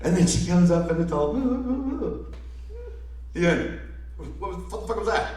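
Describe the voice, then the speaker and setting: A man's voice: fairly high pitch, a little fast, darkish tone. A man doing a sarcastic, profane stand-up rant at a live comedy show. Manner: ranting, sarcastic, heavy swearing. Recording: echoey live room, voice from far off the mic.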